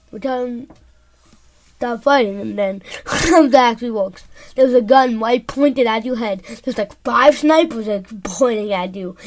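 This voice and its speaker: A woman reacting to a video in casual commentary, rambling and excitable with loud outbursts. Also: on the high side.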